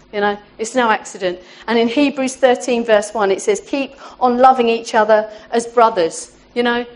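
Speaking to her church, a woman delivers an informal, heartfelt sermon in a voice that sits a little high. Her style is conversational, full of "you know" and restarted sentences.

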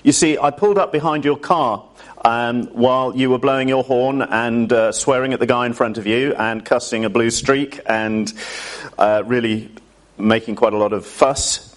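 A polite, earnest policeman apologises at a middle pitch, as an English preacher puts him on in a sermon story. The voice stays close to the man's own. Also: fairly even intonation, moderate pace, close to an everyday voice. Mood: apologetic. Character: apologetic male police officer.

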